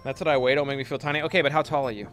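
Profane, bright-voiced young male streamer. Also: mid-range voice, fairly even intonation, racing, faint music behind. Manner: storytelling, profane, reads chat aloud. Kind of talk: casual gaming stream chat.

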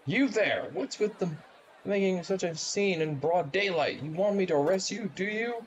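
A man's voice: high voice, expressive, normal speed, slight background noise. A man voicing a pushy male police officer with a brash, threatening manner while reading game dialogue. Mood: bossy.

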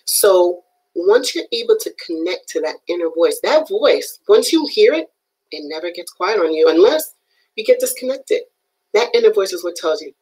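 A woman giving an animated, emphatic motivational talk on a live stream, often checking in with her viewers. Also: lowish voice, normal speed, slightly rough, rough recording. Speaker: motivational speaker.

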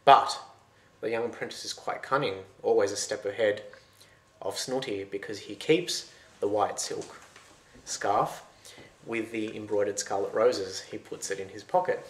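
Aussie guy retelling a folk story, chatty and lively, echoey room. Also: fairly low pitch, a little slow, slight background noise. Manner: lively, loose and conversational with restarts. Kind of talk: oral folktale retelling. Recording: roomy echo.

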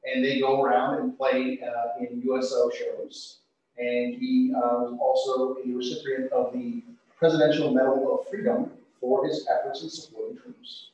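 Male yoga teacher, easygoing cueing, heavy room echo, dull muffled sound. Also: medium pitch. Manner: relaxed, unhurried cueing with frequent uh fillers. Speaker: yoga instructor. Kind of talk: yoga class instruction with trivia. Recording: echoey, distant, dull studio audio.

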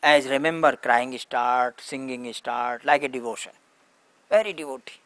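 Slow-telling spiritual teacher, simple English. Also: male voice, mid-range voice, expressive, a bit bright, no echo. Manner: slow, simple broken English with many repetitions. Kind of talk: satsang storytelling.

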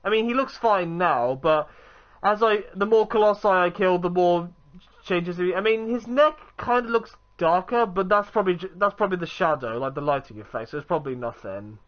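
High-voiced young man chatting over gameplay. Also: lively intonation, moderate pace, muffled recording. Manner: chatty, rambling, with frequent restarts and fillers. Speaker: let's play gamer. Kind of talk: casual gameplay commentary.

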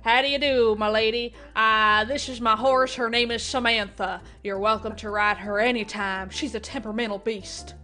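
A woman doing a folksy, drawling Southern country gal, hammed up for laughs. Her voice sits a little high and carries some bright energy. It's a playful bit in a game stream. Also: fairly even intonation, normal speed, hardly any pauses, soft background music. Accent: put-on American Southern.

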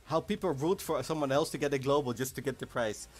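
A man hosting a live game stream, chatting casually and excitably, sometimes bursting into shouts. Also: mid-range voice, fast talker. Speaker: livestream host of an online game event. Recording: faint music in the background.

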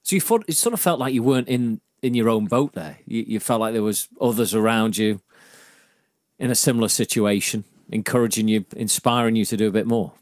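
A man hosting a radio interview, asking gentle, probing questions. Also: fairly low pitch, fairly quick, dry recording, clean studio sound. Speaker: radio host. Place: radio studio.

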